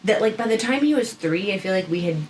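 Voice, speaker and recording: A woman in her thirties co-hosts a parenting podcast, talking fast in an expressive mid-range voice. She chats casually about her kids, acting out their lines in quoted voices. The audio is poor, with faint background noise.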